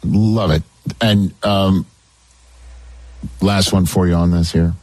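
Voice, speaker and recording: A male interviewer asking quick follow-up questions and giving short affirmations. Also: deep voice, fairly even intonation, darkish tone, no echo, rough recording.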